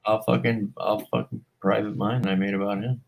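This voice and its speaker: A man's voice: fairly low pitch, little pitch movement, moderate pace, vocal fry, noisy background. A man in casual online chat, venting in a heated, profane way.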